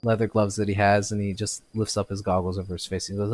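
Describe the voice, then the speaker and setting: A man acting as game master, narrating a tabletop game in a halting way with many fillers. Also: fairly low pitch, level tone, darkish tone.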